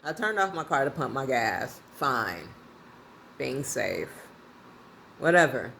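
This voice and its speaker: A woman vlogger telling a casual story in a lively, colloquial way, often breaking into laughter. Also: rumbling low, slow pace, vocal fry, slight background noise. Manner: animated, laughing, colloquial and conversational.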